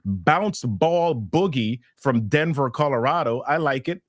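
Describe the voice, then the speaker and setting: Guy hosting a livestream, super pumped, shouting out viewers, dry close sound. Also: mid-range voice, lively intonation, a little slow, no echo. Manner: hyped, upbeat, reads out viewer names. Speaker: webinar host. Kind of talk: energetic live-stream hosting.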